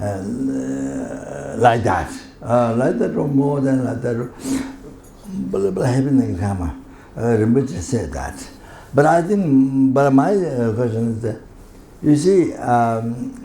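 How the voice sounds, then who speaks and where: A man giving a Buddhist teaching, halting and full of fillers, often breaking into laughter. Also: mid-range voice, vocal fry, warm tone. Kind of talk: dharma teaching. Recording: echoey hall ambience, faint noise.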